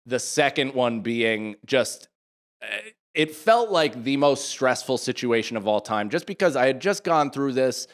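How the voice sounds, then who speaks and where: Man, thirties, podcast co-host, casual chat, animated, swearing, middle pitch. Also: measured pace. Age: 30s. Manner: animated storytelling, swearing, acting out quoted voices.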